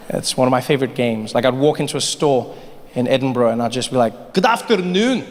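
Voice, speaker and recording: A man from Africa doing an animated stand-up comedy set on a large venue stage, shifting quickly into impressions. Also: mid-range voice, a little hiss or hum. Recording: reverberant hall with audience ambience.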